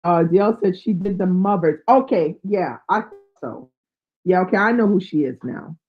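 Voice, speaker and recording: At a moderate pace, a woman with a lowish voice runs a live book chat, reading viewer comments and thinking out loud with plenty of fillers. The audio sounds tinny, like a phone.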